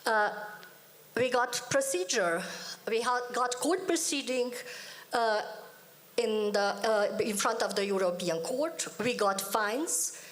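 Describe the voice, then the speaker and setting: Female panelist, very slow and deliberate, emphatic delivery. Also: fairly high pitch. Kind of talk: conference panel speech.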